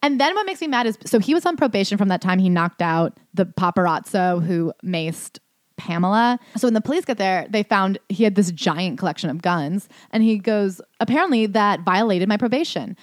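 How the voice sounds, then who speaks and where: A woman's voice: medium pitch, animated, no echo, clean studio sound. A woman co-hosting a podcast, reading passages aloud and reacting with sarcastic disbelief. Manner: fast, incredulous, sarcastic. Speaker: podcast co-host. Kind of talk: reading aloud and commenting in casual chat.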